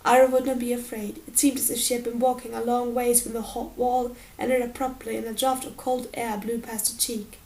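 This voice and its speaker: A woman narrates a fantasy audiobook in a steady, measured way. Her voice sits a little above most women's. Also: fairly high pitch, poor audio. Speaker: audiobook reader.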